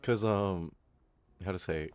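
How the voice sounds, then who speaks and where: A man's voice: sits low, slow, a little mellow, smooth. A young Australian man chatting casually on a livestream, rambling, swearing and laughing often, his throat a little irritated. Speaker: VTuber streamer.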